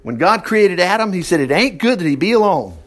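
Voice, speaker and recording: A man's voice: sits high, sing-song, brisk, fairly bright tone. A man reading a Bible passage aloud and breaking off into chatty, exclaiming commentary, sometimes losing his place. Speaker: Bible teacher.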